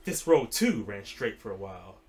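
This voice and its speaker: A man's voice: fairly low pitch, big pitch swings, moderate pace, a little mellow. A young man casually reading a fantasy novel aloud to a friend, playfully hamming up the dramatic lines.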